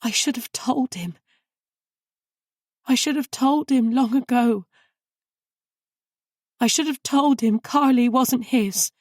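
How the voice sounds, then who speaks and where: A woman's voice: on the high side, slow pace, long pauses, dry recording, studio quality, voice pushed up. A woman reader voicing a fragile, guilt-ridden woman who pleads and confesses through tears. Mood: distraught. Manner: tearful, pleading, emphatic.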